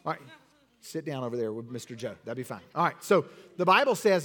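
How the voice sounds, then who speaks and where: A man teaching children a Bible lesson, acting out the story and directing the kids with quick, repeated commands. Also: mid-range voice, animated, fairly bright tone. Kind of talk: interactive acted-out Bible lesson. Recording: long hall reverb.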